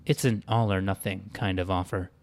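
A man doing a calm synthetic man. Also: deep voice. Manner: measured, formal replies. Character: calm synthetic man, unmoved and matter-of-fact.

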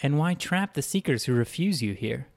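A man's voice: medium pitch, animated, moderate pace, vocal fry, voice pushed up. A man voicing a determined woman spacefarer who asks pointed, pressing questions. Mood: questioning. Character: determined woman spacefarer, searching for her husband.

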